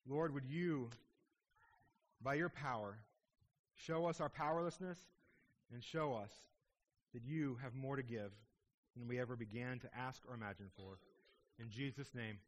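A man in his thirties preaching a sermon as a pastor in a church sanctuary, impassioned and then dropping to a hushed tone at tender moments. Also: medium pitch, normal speed, pauses often, dull audio, a little hiss or hum. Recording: long hall reverb.

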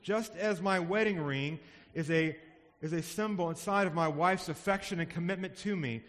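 A man's voice: a little high, a bit bright. Earnest preaching man in a reverberant hall. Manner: earnest, builds to emphatic passages. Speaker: pastor. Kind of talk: sermon.

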